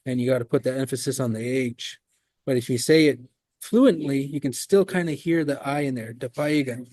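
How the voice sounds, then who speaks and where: A man teaching a language class in a classroom, explaining patiently with relaxed fillers. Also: medium pitch, a little fast, dry recording. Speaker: language instructor.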